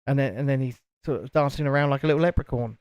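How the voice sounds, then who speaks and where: A man's voice: medium pitch, rapid-fire, a little mellow, no echo. A man chatting casually and joking as co-host of a live stream. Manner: joking, rambling. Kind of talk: casual chat.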